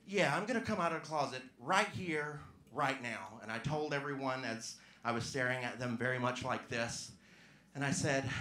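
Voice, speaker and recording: A stand-up comedian from Georgia working the crowd with self-mocking punchlines. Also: male voice, medium pitch, animated, moderate pace, fairly bright tone. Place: comedy club stage. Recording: echoey club room.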